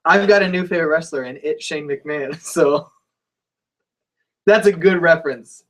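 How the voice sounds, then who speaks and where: A man's voice: a little high, normal speed, fairly bright tone. Young guy hosting a loose chat show, jokey, reads comments out. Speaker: podcast host. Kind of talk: casual chat.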